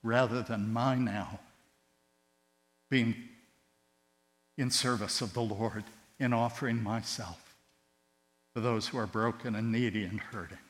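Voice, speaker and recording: A man preaching a sermon with passion, his voice surging loud on key words and then dropping to a hush. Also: lowish voice, fairly even intonation, measured pace, pauses often. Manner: impassioned, swinging between loud emphatic rises and hushed tender drops. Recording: long hall reverb with mains hum.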